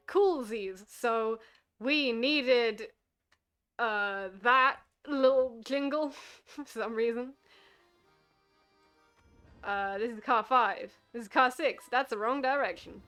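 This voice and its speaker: Playful woman streamer chatting over a game, higher voice, faint music. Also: fairly bright tone. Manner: giggly, playful. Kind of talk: casual game commentary. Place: living room.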